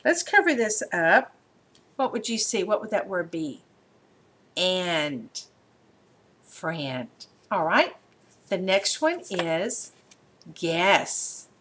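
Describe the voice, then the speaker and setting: Patient woman teacher, slow and encouraging, sounding out phonics on a webcam. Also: mid-range voice, big pitch swings, a bit bright, breathy edge. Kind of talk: mock phonics lesson.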